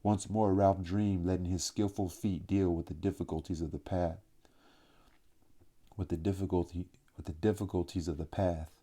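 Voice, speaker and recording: A man reading a classic novel aloud as an audiobook, in a steady, measured way. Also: deep voice. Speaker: audiobook reader. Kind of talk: audiobook narration.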